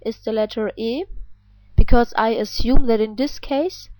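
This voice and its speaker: With a German accent, a native German language teacher explains pronunciation patiently, step by step, and asks the learner questions. Her fairly high voice is mellow and measured in pace, captured in a dry recording of poor quality.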